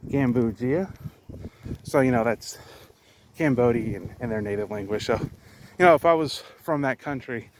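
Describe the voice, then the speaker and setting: An American vlogger in his thirties works through language lessons outdoors in a green rural spot, speaking casually in a mid-range voice. His phrasing is halting and self-correcting, with frequent sighs, and the outdoor recording carries clear ambient noise.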